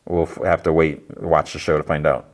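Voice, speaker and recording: A man with a low, deep voice rambles through a TV episode recap, loose and full of fillers. He talks like a podcast host chatting with listeners. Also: little pitch movement, brisk. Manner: rambling, filler-heavy retelling of scenes.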